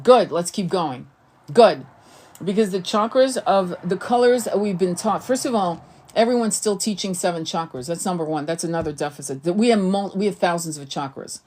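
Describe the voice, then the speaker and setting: A woman with a voice on the low side and a little mellow speaks at normal speed to her viewers as a spiritual coach and tarot reader. Her casual spiritual teaching monologue is earnest and rambling, and she often repeats words as she restarts her sentences.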